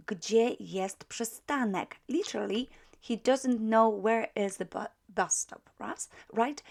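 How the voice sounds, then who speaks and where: A woman teaches a beginner lesson at an unhurried pace. She explains each example patiently and stops often to check that the listener follows. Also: on the high side, expressive, creaky, a little mellow. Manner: slow, patient explaining with frequent fillers and checks. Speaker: language teacher.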